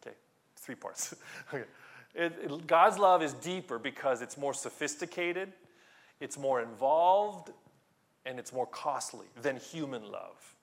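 Slow, animated preaching man. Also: fairly high pitch. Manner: animated, rising to loud emphasis, with frequent restarts. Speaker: pastor. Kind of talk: sermon.

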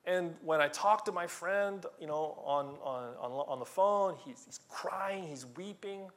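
Slow, animated preaching man. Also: sits high. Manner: animated, rising to loud emphasis, with frequent restarts. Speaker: pastor. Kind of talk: sermon.

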